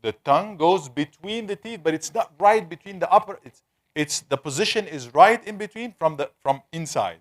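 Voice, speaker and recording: A man's voice: on the high side, lively intonation, normal speed. A man teaching Tajweed in a live online class, patiently drilling the sounds of Arabic letters over and over and calling on students by name.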